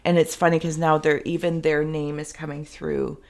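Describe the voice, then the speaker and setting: A woman's voice: sits low, little pitch movement, normal speed, vocal fry, a little mellow. A woman giving a spoken tarot and spirit reading to camera, rambling and thinking aloud with many fillers and restarts. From Canada. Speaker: tarot reader and psychic.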